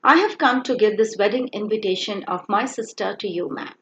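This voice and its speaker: A woman's voice: mid-range voice, a little fast, highs cut off, a little hiss or hum, lightly acted. A woman reads aloud as a respectful young man speaking to a teacher. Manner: respectful, formal reading. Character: polite young man Suresh, addressing a teacher. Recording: echoey room.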